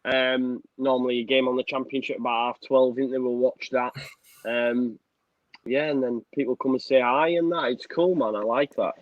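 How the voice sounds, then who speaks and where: A man's voice: mid-range voice, fairly even intonation, moderate pace, no echo, lo-fi sound. A young man co-hosting a football fan show in easygoing, matey chat, laughing often. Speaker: co-host of a football fan channel. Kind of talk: casual chat.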